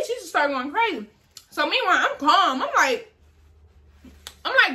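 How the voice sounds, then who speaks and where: A young woman vlogger telling a story in casual chat, animated and acting out the people in it. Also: very high voice, moderate pace, long pauses. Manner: animated, acts out voices in her story.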